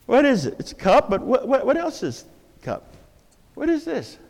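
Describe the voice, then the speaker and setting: A man's voice: extremely high pitch, wildly swooping pitch, normal speed, darkish tone, big-room sound. A man preaching an interactive sermon to a live congregation in a church, quizzing listeners with playful questions. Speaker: pastor. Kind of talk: interactive sermon with object lessons.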